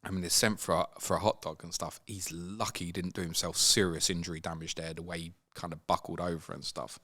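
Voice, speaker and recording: A man hosting a casual football chat, animated and swinging up high when he mimics players. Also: brisk. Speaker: football podcast host.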